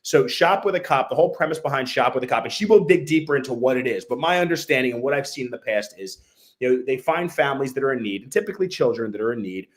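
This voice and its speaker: A man from the Philadelphia area hosting a podcast in a studio, talking fast with many fillers and restarts. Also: medium pitch, animated. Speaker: brokerage owner and podcast host. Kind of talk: casual podcast chat.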